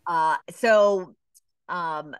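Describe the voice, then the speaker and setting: A middle-aged woman from Atlanta, a business coach, telling her story in a casual interview, with lively asides, many fillers and short bits acting out other voices. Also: on the low side, very slow, clear, resonant tone, dry recording. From Atlanta, Georgia. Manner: animated storyteller, acts out quoted voices, many "you know" fillers. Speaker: business coach and podcast guest.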